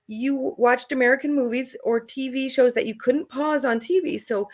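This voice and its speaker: A chatty middle-aged woman with a slightly high voice, guesting on an interview. She tells her travel stories casually, laughs easily and slips into the voices of the people she quotes. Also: fairly even intonation, moderate pace.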